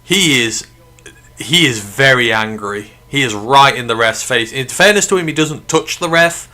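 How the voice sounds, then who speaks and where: A man hosting a live sports watch-along, reacting with quick outrage to the play and answering viewers' chat. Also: medium pitch, bright, forceful tone. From United Kingdom. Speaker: live stream host.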